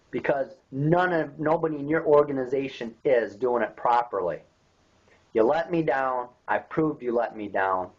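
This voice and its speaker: A man, angrily ranting into a webcam and firing off repeated rhetorical questions. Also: medium pitch. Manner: indignant, repetitive, rhetorical questions. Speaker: local activist vlogger. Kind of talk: angry webcam rant. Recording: dull lo-fi webcam audio.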